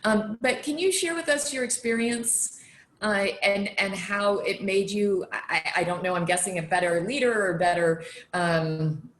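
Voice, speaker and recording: A woman moderating a panel on a video call, her voice at a middle pitch for a woman. The room around her sounds echoey, with faint noise behind. She speaks conversationally and works her questions out aloud. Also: a little slow, fairly bright tone. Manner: conversational, thinking aloud while framing questions. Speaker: emcee.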